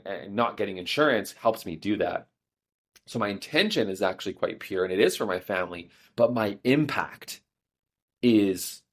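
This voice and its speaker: A man, a relationship coach, talking through a personal story in a candid, reflective solo podcast monologue. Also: fairly low pitch. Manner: candid, reflective storytelling with self-deprecating laughs.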